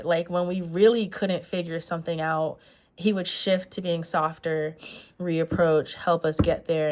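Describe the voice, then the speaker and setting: Low-voiced woman in an earnest rambling chat. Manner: rambling, earnest, self-correcting with many fillers. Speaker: vlogger. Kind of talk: sit-down reflective chat.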